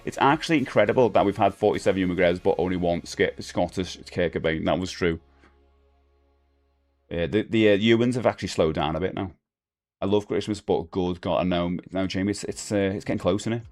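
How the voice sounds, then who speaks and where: Chatty man with a lowish voice. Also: a little fast, a little mellow, faint music behind. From United Kingdom. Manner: rambling, chatty, reads out and answers chat comments. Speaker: live stream host. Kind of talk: casual live-stream chat.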